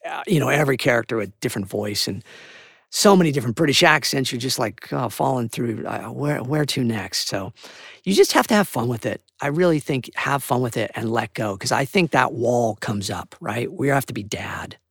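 A man, a voice actor, talking in an animated, rambling, enthusiastic way as a podcast interview guest. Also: medium pitch, normal speed, gravelly, breathy edge, no room sound, clean studio sound.

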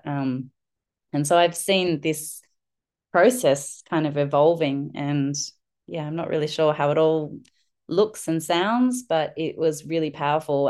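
A woman's voice: deep voice, darkish tone. A middle-aged woman, a podcast guest and parenting mentor, telling an earnest story with frequent fillers and restarts. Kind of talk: reflective conversational storytelling.

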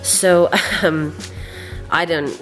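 A woman chef telling stories casually while cooking in a kitchen, animated and swearing freely. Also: low voice, extremely slow, soft background music. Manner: animated, profane, chatty. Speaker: chef, guest.

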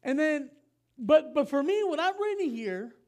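A man's voice: extremely high pitch, big pitch swings, unhurried, a little mellow. A man giving a sermon as pastor, reading scripture in a casual, conversational way with frequent asides and self-corrections.

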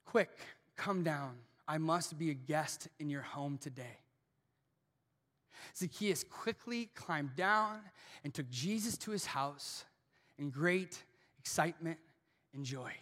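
High bright-voiced preacher, dramatic swings. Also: male voice, animated, takes it slowly, pauses often, big-room sound. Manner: dramatic swings from hushed to shouting. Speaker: pastor. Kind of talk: sermon. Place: church auditorium.

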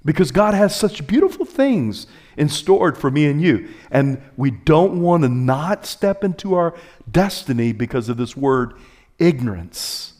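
Animated preaching pastor, man. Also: unhurried. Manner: animated preaching, pitch swinging high and low, calls to the congregation. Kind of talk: sermon.

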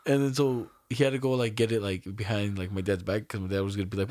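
A man's voice: fairly low pitch, steady tone, quick pace, a little mellow, no room sound. A young man hosting a casual podcast, telling a story in a rambling, slangy and profane way with lots of fillers. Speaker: podcast host.

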